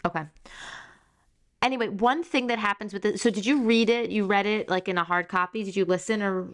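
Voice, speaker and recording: A woman co-hosting a book club podcast in casual chat, talking quickly with restarts and laughing as she reads passages aloud. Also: medium pitch. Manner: chatty, laughs while reading passages aloud. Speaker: podcast co-host.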